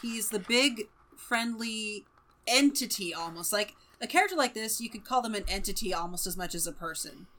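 A woman's voice: mid-range voice, expressive, sharp tone. A woman from the US West Coast co-hosting a casual book podcast, enthusiastic and laughing often. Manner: enthusiastic, laughs often, quick agreeing interjections. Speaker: podcast co-host. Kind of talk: casual book-club chat.

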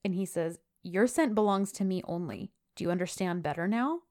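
A woman's voice: fairly low pitch, brisk. A woman casually recapping a TV episode, animatedly acting out the characters' lines as she tells the story. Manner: animated storyteller, switches into quoted dialogue. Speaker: podcast co-host recapping a TV episode. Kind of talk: casual chat, retelling scenes with quoted lines.

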